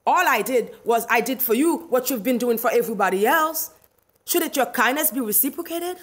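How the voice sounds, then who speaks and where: A woman's voice: on the high side, expressive, moderate pace. Indignant Haitian woman ranting on a live stream. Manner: emphatic, indignant, laughs often. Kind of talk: livestream rant reading chat.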